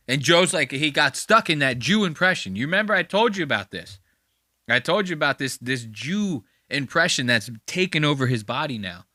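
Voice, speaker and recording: Man, podcast host, profane and animated, slightly high voice, bright tone. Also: moderate pace, no echo, studio quality. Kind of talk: casual commentary on a clip.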